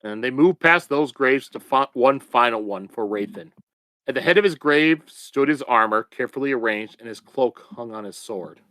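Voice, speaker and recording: A man co-hosting a book podcast, reading a chapter summary in a steady recap delivery. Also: mid-range voice, moderate pace, no echo.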